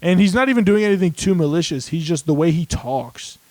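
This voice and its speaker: A young man co-hosting a podcast, telling laid-back stories in casual chat and mimicking other people in higher voices. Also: expressive, fairly quick, a little mellow, no echo, low-quality recording. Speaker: podcast co-host.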